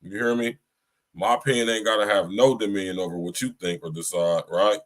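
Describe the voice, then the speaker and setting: A man with a lowish, steady voice, slightly fast and a bit bright, hosts a podcast in casual chat. He's blunt and slangy, repeats himself, and keeps tossing in "you hear me".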